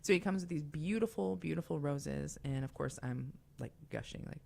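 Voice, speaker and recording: A woman's voice: low-pitched, normal speed, creaky, darkish tone. A young woman hosting a call-in radio show, talking in a chatty, confiding way with fillers and asides. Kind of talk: casual call-in radio talk.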